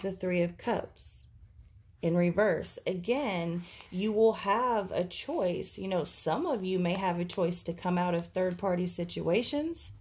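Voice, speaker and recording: A woman's voice: fairly low pitch, unhurried, a little mellow, husky. A woman giving an intuitive tarot reading, talking casually and thinking aloud with many fillers. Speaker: tarot reader.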